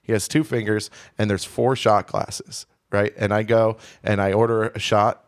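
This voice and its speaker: A man's voice: on the low side, level tone, moderate pace. Candid rambling man telling a story. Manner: candid, rambling, lots of restarts and "right?". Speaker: podcast co-host. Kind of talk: casual storytelling chat.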